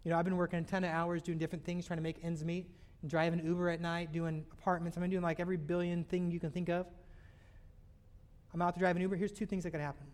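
High-voiced man preaching earnestly. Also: little pitch movement, fast, a little mellow. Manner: earnest preaching with acted-out asides. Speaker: pastor. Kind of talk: sermon.

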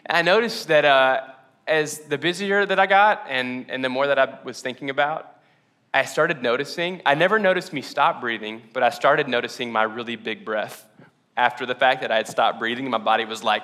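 A man's voice: fairly high pitch, fairly quick, pushed and bright. A man preaching a casual, conversational sermon to his congregation, laughing often and asking them questions. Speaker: pastor.

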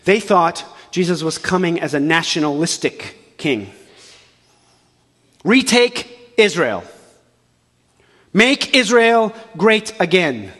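A man preaching a sermon as a pastor, animated and full of restarts, acting out the voices of the people he quotes. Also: sits high, big-room sound. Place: church auditorium.

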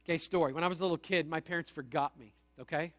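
A man from Manitoba, Canada, preaches in a high voice. His sermon runs like a chat, full of stories and jokes at his own expense. The recording sounds dull and lo-fi. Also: fast. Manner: conversational, storytelling, self-mocking humor. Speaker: pastor.

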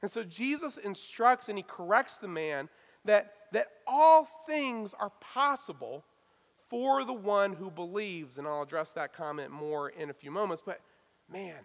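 A man preaching a sermon as a pastor, talking in a casual, lively way with touches of self-deprecating humor. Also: high-pitched, unhurried, creaky, long reverb tail.

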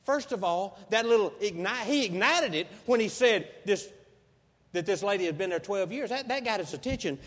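High-voiced preacher in a hall. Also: male voice, animated, normal speed. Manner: folksy storytelling with surges of loud emphasis. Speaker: pastor. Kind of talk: sermon. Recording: long hall reverb.

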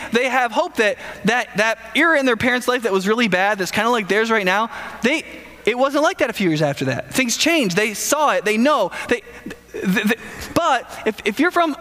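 A man's voice: very high voice, fairly bright tone, big-room sound. A man preaching a sermon in a conversational way, often stammering and restarting and putting questions to the listeners.

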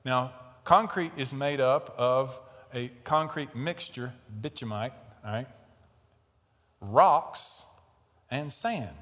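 A man preaching a sermon, telling a story and growing loud and animated in tense moments. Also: medium pitch, takes it slowly, long reverb tail. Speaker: pastor. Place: large tent.

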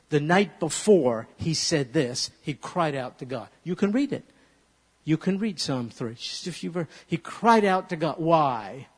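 Animated pastor in an echoing hall. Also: male voice, on the high side, breathy edge. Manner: animated, leads congregation in call-and-response recitation. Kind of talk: sermon. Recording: long reverb of a large hall.

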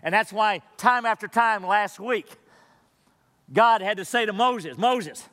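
A man's voice: high-pitched, measured pace, fairly bright tone, long reverb tail. A man preaching a sermon as pastor, conversational and emphatic, asking rhetorical questions of his congregation.

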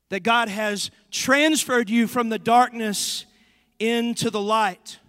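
Young pastor, high ringing tone, emphatic storyteller, long hall reverb. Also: male voice. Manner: animated storyteller, emphatic and drawn-out for stress. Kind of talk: sermon. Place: church sanctuary.

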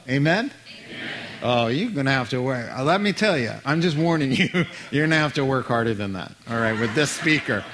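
A man's voice: medium pitch, a bit bright. A man introducing a guest speaker at church in a chatty, joking way, laughing often. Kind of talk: casual introduction.

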